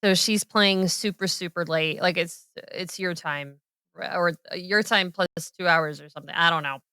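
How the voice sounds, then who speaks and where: A woman's voice: fairly low pitch, fairly even intonation, moderate pace, bright, forceful tone, clear, resonant tone, dry recording, clean studio sound. A woman casting a live esports match, chatty and giggly, giving color commentary. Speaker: esports caster.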